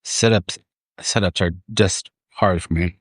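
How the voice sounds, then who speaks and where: Guy rambling on a phone livestream in the park, kinda low voice, dry sound, laughs a lot. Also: steady tone, a little slow, husky, dry recording. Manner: rambling, easily distracted, laughs often. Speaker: livestream host. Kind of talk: casual chat. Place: outdoors in a park.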